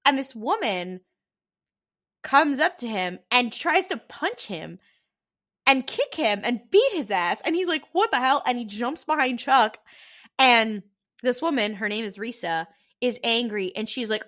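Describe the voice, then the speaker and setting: A woman's voice: a little high, unhurried. A woman co-hosting a podcast, recapping an episode in casual chat and acting out the characters' dialogue. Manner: animated retelling with quoted dialogue and frequent laughs. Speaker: podcast co-host.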